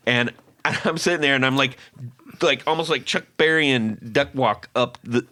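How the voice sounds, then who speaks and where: Animated man telling a story. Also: mid-range voice, normal speed, no room sound. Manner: animated, acts out quotes with laughs. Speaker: podcast host. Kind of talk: casual storytelling.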